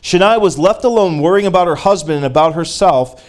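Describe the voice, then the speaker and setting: A man preaching a sermon, reading a story aloud and pausing to speak directly to his congregation, growing fervent. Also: high voice.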